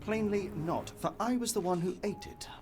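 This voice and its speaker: A man's voice: high-pitched, normal speed, music in the background, close to an everyday voice. An actor playing a brilliant, sardonic male detective in a video game, speaking in a dry, clipped, precise manner. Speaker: game character.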